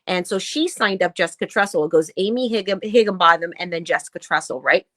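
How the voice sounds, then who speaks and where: A woman's voice: lowish voice, fast talker, fairly bright tone, no echo. A woman co-hosting a casual talk show, ranting bluntly and swearing as she reads posts aloud. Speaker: podcast co-host. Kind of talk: casual chat.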